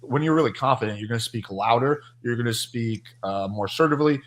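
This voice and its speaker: A man's voice: medium pitch, fast. A man in a group talk, asking a question and thinking it through aloud. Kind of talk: casual group chat on a stream.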